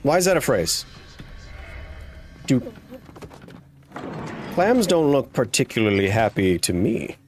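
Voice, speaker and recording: A man's voice: mid-range voice, sing-song, slow, pauses often, faint music behind. A man in his thirties giving playful, jokey live commentary while streaming a game. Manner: playful, jokey, slips into silly voices and exclamations. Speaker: gaming streamer.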